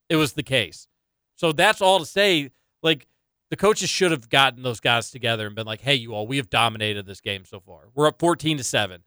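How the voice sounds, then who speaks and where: A man's voice: a little high, clear, resonant tone, dry recording, clean studio sound. A young man hosting a casual sports talk show, ranting with strong opinions. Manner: opinionated, animated rants. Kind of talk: casual sports radio chat.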